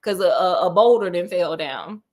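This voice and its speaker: A man's voice: high voice, lively intonation, normal speed, pitched below the performer's own voice. A woman voicing Doctor Watson as a loyal, worried friend who talks in hesitant modern slang.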